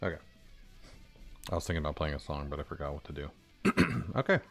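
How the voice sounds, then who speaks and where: A man developing a game on a live stream, talking to himself and swearing casually, his voice a bit hoarse. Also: rumbling low, lively intonation, fast, a bit bright, faint music behind.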